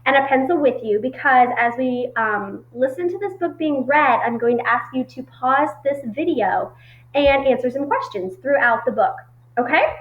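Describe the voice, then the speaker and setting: A woman teacher giving a recorded reading lesson to children, explaining in a friendly way with frequent pauses and fillers. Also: sits high, lively intonation. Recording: echoey muffled room recording.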